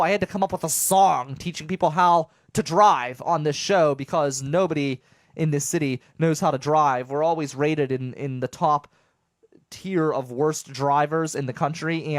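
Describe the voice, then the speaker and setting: Young male show host, fairly high voice, chatty and excitable, stumbles over words, dry studio sound. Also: no room sound. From southwestern Pennsylvania. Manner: animated, rambling, jokey, lots of stammered restarts. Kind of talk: casual monologue to listeners. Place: home studio.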